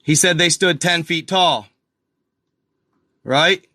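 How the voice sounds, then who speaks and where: A man with a fairly high, bright and forceful voice talks slowly through a casual screen-share commentary, calling his viewers "y'all" and restarting his sentences. He sounds close to the mic in a dry, quiet room. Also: no room sound. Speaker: video host.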